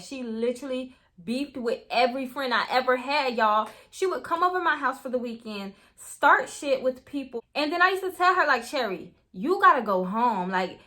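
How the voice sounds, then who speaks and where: A young woman spins a story with a high, bright voice. She talks casually and with energy, swears freely and keeps turning to her listeners. The voice sits well above the usual range and has a crisp edge. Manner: animated, swears freely, keeps addressing viewers as "y'all". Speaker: storytime vlogger.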